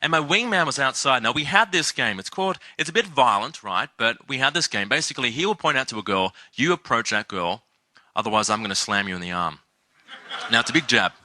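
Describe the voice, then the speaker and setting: A man's voice: medium pitch, very animated, quick pace, few pauses, sharp tone, no echo. A man giving a seminar talk, telling a story and acting out the quotes. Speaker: seminar speaker.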